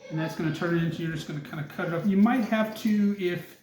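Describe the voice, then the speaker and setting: In a kitchen with heavy echo and loud clattering, a male cooking instructor talks quickly in a high voice, chatting to viewers, whom he calls folks, as he works on chopping and prep. There's a faint hiss or hum on the recording.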